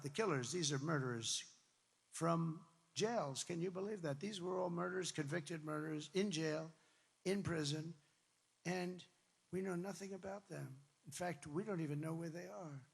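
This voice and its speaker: A man giving a campaign rally speech to supporters, emphatic and repetitive, wandering into asides and breaking into shouts. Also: on the high side, a little slow, creaky, breathy edge. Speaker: political candidate addressing supporters. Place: large rally venue with crowd. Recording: long reverb from a rally venue.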